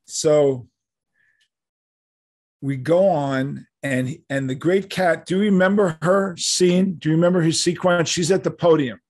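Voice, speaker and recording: An older man tells a story as an interview guest. He acts out each line of dialogue with lively energy, in a voice a touch higher than most men's. The sound is dry and close. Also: unhurried, no echo. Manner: animated, acts out quoted dialogue.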